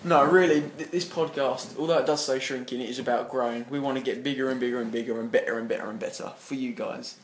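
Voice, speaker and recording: A man's voice: medium pitch, steady tone, quick pace, few pauses, a little hiss or hum. A young man co-hosting a casual podcast, rambling with lots of "like" and frequent laughter. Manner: rambling, filler-heavy, laughs often. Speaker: podcast co-host. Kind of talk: casual chat. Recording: roomy echo.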